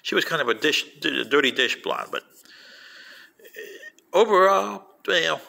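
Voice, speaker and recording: Older male storyteller, gravelly and bright-toned, animated delivery full of quoted voices. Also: on the high side, slow pace. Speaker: vlogger playing an alien commentator. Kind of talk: rambling anecdotal monologue.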